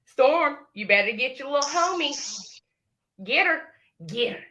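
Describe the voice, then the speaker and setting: Brash woman, bright and slightly high voice, sassy threatening trash talk on a livestream. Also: expressive, unhurried, muffled recording. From Indiana, United States. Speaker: livestream caller. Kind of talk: heated livestream confrontation.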